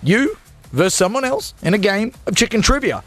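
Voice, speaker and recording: A man hosting a radio show in a high, bouncy voice that swings all over. He talks with jokey, self-mocking energy, with a little music under him. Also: very animated, brisk, fairly bright tone. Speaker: radio host. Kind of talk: live radio show banter.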